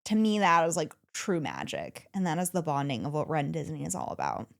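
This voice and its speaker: A woman co-hosting a casual podcast, telling a story with excitement and laughing often. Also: low-pitched, brisk, gravelly. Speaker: podcast co-host.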